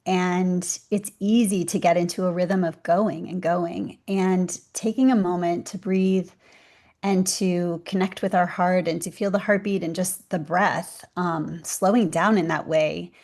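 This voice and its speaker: A woman guest with a slightly low voice speaks in an interview conversation. She sounds grateful and reflective as she thinks aloud. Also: fairly even intonation, measured pace, darkish tone.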